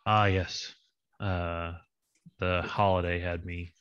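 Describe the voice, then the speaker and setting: A man's voice: sits low, little pitch movement, takes it slowly, fairly bright tone, clean tone, no room sound, muffled recording. A man leading an online coding lab over a video call, casual and thinking aloud with many fillers. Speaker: lab instructor. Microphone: video call with screen share.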